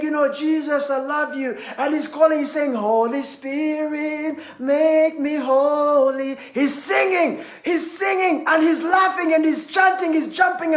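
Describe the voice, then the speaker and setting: A man giving a motivational sermon, telling a story with rising intensity and shouting at the peaks. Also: extremely high pitch, reverberant. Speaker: speaker.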